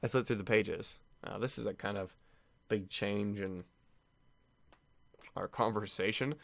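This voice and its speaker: A man's voice: on the low side, fairly even intonation, measured pace, vocal fry, no echo. A young man playing through a game on camera, reading its text aloud and reacting in a jumpy, nervous way, often repeating himself. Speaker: let's play gamer.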